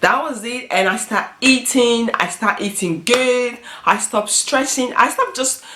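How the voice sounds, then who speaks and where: A young adult woman talking earnestly in a personal vlog, halting and restarting often. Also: a little high, noisy background. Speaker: beauty vlogger. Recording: roomy echo.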